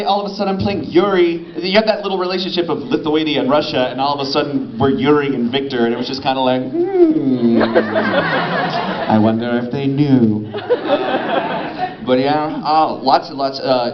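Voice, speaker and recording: A man's voice: a little high, normal speed, heavy background noise. A man who is a voice actor, chatting and laughing playfully with the audience at a convention panel. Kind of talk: casual convention panel talk. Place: large convention panel hall. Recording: echoey hall, muffled, loud crowd.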